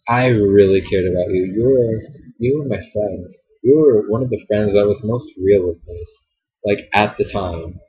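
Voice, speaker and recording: A young man venting to the camera in a heated, profane, sassy rant, recorded on a poor built-in camera mic. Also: husky. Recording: dull low-quality camera audio.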